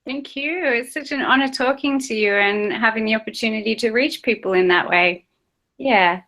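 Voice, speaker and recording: Bright upbeat Australian woman. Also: on the high side, normal speed. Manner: upbeat, enthusiastic self-promotion. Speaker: guest, business and travel coach. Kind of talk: casual interview chat.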